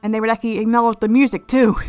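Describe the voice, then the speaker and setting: A woman with a fairly high voice gives casual gameplay commentary, thinking out loud and turning ideas over as she goes. She often restarts phrases mid-thought. Faint music plays under her voice. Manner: musing, speculative, with frequent restarts. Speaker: let's play host.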